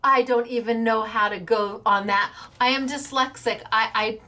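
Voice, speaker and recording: A woman's voice: a little high, steady tone, normal speed, sharp tone. Bubbly, playful woman hosting a craft show. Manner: bubbly, playful, stumbles over names with laughs. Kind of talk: casual chat announcing giveaway winners.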